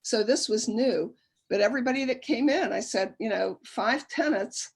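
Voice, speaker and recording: Husky-voiced woman telling funny stories. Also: on the high side, normal speed. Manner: chatty, self-deprecating, laughs as she tells stories. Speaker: lecturer. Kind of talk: humorous storytelling lecture.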